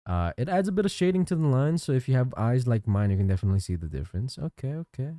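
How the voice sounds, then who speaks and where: Guy streamer chatting while he draws, bouncy up and down delivery, mellow tone. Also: mid-range voice, quick pace, dry recording, studio quality. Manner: chatty, thanks chat, lively ups and downs. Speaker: livestreamer and digital artist. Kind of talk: casual chat while drawing on stream.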